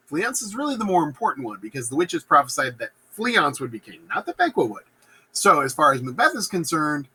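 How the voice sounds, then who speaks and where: Bright husky man retelling a plot. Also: fairly high pitch, poor audio. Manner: playful, acts out characters in silly voices. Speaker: teacher. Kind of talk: casual plot summary lecture.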